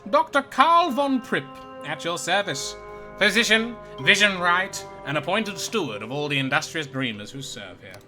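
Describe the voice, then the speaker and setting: A man's voice: high voice, big pitch swings, normal speed, bright, forceful tone, faint music behind, voice pushed up, full character voice. A man voicing a pompous, theatrical male doctor with grand, formal manners, reading game dialogue aloud. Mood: grandly courteous.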